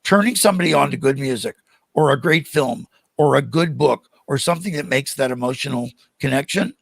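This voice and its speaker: An older American man, a podcast guest, telling animated stories and acting out the voices of the people in them. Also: medium pitch, fairly quick, gravelly, dry recording. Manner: animated, acts out quoted voices. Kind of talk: storytelling in a podcast interview.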